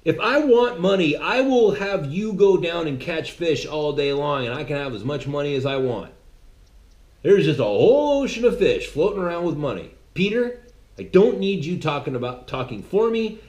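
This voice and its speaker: A man's voice: on the high side, a little mellow. A man voicing Jesus as a stern master who lectures and scolds a disciple. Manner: lecturing, indignant. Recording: roomy echo.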